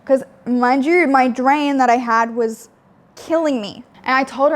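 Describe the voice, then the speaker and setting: A woman's voice: sits high, fairly even intonation, a little slow. A young woman telling a personal story to camera, blunt and frank, swearing often and filling with likes. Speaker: vlogger. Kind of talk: candid storytelling.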